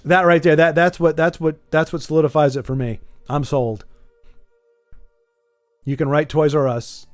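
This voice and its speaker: Man in a live-stream chat, a bit higher than usual, dry close sound, rambling and self-mocking, faint game music under him. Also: lively intonation, normal speed, no echo. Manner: rambling, playful, self-deprecating, answers chat. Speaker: streamer playing a card game.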